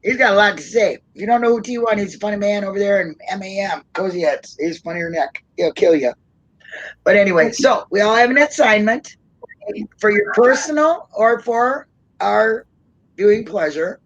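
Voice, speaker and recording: A woman with a naturally low voice that she lifts up as she talks. She chats and jokes through a live online support discussion, laughing often. Her pitch swings widely from one phrase to the next. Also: animated, moderate pace, highs cut off. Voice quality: naturally low voice, pushed up when talking. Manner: laughs often, chatty and joking. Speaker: co-host of an online support talk. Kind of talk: casual live-stream chat.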